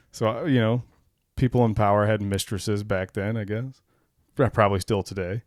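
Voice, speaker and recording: A man's voice: fairly low pitch, moderate pace, no room sound, clean studio sound. Laughing, swearing podcast co-host man. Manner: reads documents aloud, laughs often, swears, gets animated. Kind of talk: casual chat.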